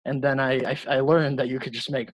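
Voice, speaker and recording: Young guy cohosting a podcast, kinda husky voice, dry close sound, laughs a lot and swears. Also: mid-range voice, fast, dry recording, poor audio. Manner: laughs often, animated and swearing. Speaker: podcast co-host. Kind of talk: casual chat.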